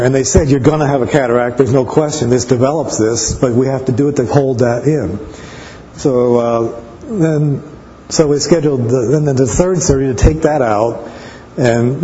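A man's voice: medium pitch, mellow, a little hiss or hum. A man preaching a sermon with personal testimony, talking conversationally and rambling with many restarts. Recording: dull sound with long hall reverb.

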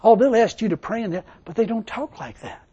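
A man's voice: high-pitched, animated, fairly quick, mellow, slightly rough, muffled recording. A man preaching a sermon to a church congregation, folksy and emphatic, with casual grammar. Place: church service.

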